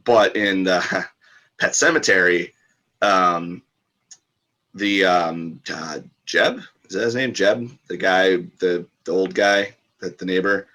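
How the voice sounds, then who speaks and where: A man with a very low voice that still has a bright, forward edge talks slowly and loosely as a podcast guest. He rambles while thinking aloud, circling back with plenty of fillers and restarts.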